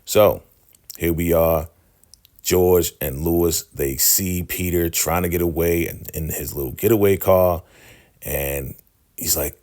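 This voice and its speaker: A man casually recapping a TV episode, retelling scenes in quick paraphrased quotes. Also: deep voice, darkish tone. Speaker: recap host.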